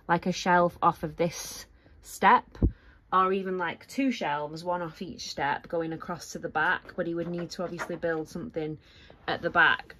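Chatty mum vlogging at home. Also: female voice, fairly low pitch. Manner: chatty and rambling, with many fillers. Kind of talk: casual home vlog chat. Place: child's bedroom at home.

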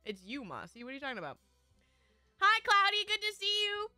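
Giggly high-voiced woman streamer. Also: wildly swooping pitch, brisk, sharp tone, no echo, faint music behind. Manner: bubbly, giggly, chatty. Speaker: VTuber game streamer. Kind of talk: casual live-stream chat.

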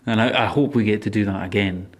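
A man's voice: fairly low pitch, fast. A man hosting a podcast, chatting enthusiastically and playfully while walking through a museum gallery. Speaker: podcast host. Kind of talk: casual chat. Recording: busy museum crowd behind.

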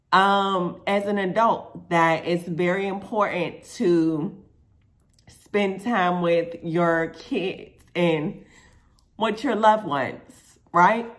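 A woman's voice: fairly low pitch, fairly bright tone. A woman from Pittsburgh, Pennsylvania, telling a personal story to her viewers in a casual, chatty way, full of fillers and asides to "y'all". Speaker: vlogger.

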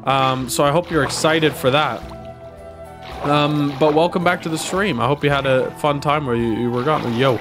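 A man's voice: fairly high pitch, normal speed. A young man streaming a video game, chatting casually and goofing around as he plays, with music playing behind him. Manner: goofy, playful, talks to the game and chat. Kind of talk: casual gameplay commentary.

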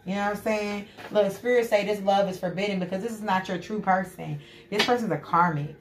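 A woman's voice: mid-range voice, a little fast. A woman giving an emphatic, repetitive tarot reading, often asking "you know what I'm saying". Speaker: tarot reader. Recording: echoey room with loud background noise.

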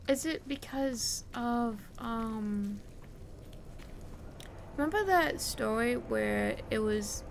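A woman's voice: fairly high pitch, very slow, long pauses, slight background noise. A young woman streamer chatting and swearing casually as she plays a game and talks to its characters. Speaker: gaming streamer. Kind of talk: casual let's-play commentary. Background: game music.

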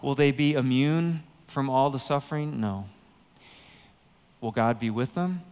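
A man preaching a sermon in a church, earnest and emotional, with soft pauses. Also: medium pitch, clean tone, big-room sound. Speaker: pastor. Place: church sanctuary.

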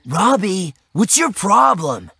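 A man voicing Sam, a skeptical boy who is the narrator's friend in a storybook, raised in pitch and teasing. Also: very animated, takes it slowly, creaky, bright, forceful tone, slightly rough, exaggerated voice.

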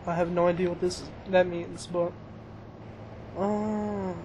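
A man casually commentating his own racing gameplay, excitable and self-mocking, talking to himself as he plays. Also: high-pitched, slow pace. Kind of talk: casual let's-play commentary. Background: engine noise and crashes from the game.

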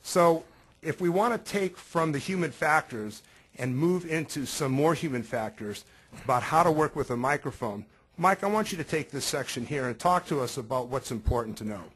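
A man hosting a webinar, presenting figures in a measured, presenter-like way before handing off to his co-presenter. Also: a little high, lively intonation, fairly bright tone, husky, rough recording. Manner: measured presenter citing statistics. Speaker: webinar host. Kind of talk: instructional webinar talk. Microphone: professional microphone.

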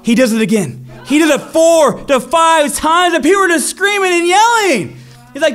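A man's voice: extremely high pitch, expressive, normal speed, fairly bright tone, faint music behind. A man preaching a sermon, telling a story with energy and acting out the crowd's voices.

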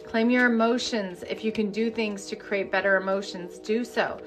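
A woman energy healing coach leading a live-streamed session, talking candidly and bluntly, then turning to slow, repeated guided affirmations. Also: mid-range voice, steady tone, soft background music. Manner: candid, chatty and profane, then slow incantatory guidance.

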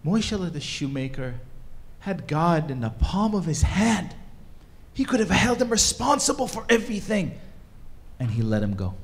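A man's voice: medium pitch, sing-song, moderate pace, few pauses, warm tone, natural voice. A man doing a grieved old rabbi.

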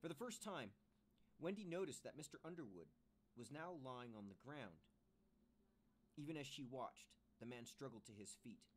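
A man's voice: mid-range voice, animated, normal speed, slight background noise. Man reading a bedtime story. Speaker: storybook reader.

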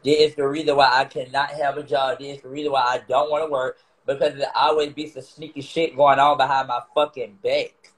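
A man's voice: mid-range voice, level tone, fairly quick, few pauses, low-quality recording. A man ranting to his viewers, upset and swearing, repeating himself. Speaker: vlogger on a live stream. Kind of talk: emotional rant to viewers.

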